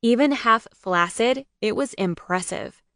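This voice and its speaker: A woman narrating a first-person romance audiobook in a wry, lively storytelling manner. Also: on the high side, unhurried, no room sound, clean studio sound.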